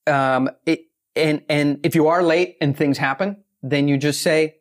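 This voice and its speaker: A brash man with a fairly high voice, talking fast and blunt on a podcast. He swears freely and acts out quick quoted bits as he explains how to pitch. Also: fairly even intonation. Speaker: guest, author and pitch expert. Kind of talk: fast casual podcast talk.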